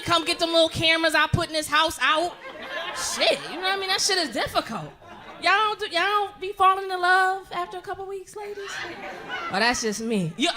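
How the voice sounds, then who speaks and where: A woman in her thirties doing a brash, profane stand-up set on stage, laughing through her lines. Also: high voice. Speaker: stand-up comedian. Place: comedy stage before a live audience.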